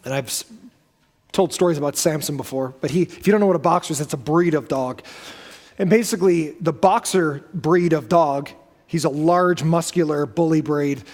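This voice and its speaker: A male pastor preaches in a relaxed, storytelling manner. He corrects himself and wanders into asides. His fairly high voice carries a long reverb through a church sanctuary. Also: normal speed. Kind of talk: sermon.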